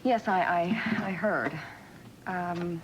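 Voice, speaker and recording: An actress playing a polite, hesitant attorney in a soap opera. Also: female voice, fairly low pitch, extremely slow, muffled recording, noisy background.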